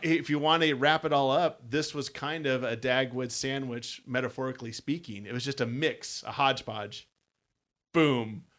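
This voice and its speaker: A man co-hosts a podcast in easy, casual chat, laughing often as he talks. He also reads story passages aloud, and his voice sits in a plain middle pitch. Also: moderate pace, fairly bright tone. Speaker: podcast co-host. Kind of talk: casual chat with book reading.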